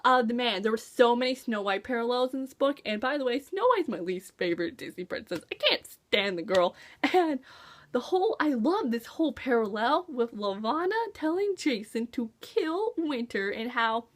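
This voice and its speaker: A woman talking casually about a book she read, gushing and excitable, acting out her own reactions as she goes. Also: fairly high pitch, moderate pace. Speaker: book reviewer. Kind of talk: casual chat.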